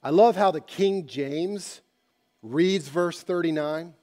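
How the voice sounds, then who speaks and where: A man preaching a sermon, telling a story dramatically and moving between hushed passages and loud ones. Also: on the high side, slow pace. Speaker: pastor.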